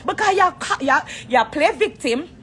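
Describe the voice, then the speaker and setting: A woman's voice: very high-pitched, animated, normal speed, a bit bright. A Jamaican woman on a phone live stream, ranting bluntly and cursing from a corner of an airport. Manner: blunt, confrontational, swears freely. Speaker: entertainer on a social media live. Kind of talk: heated live-stream rant.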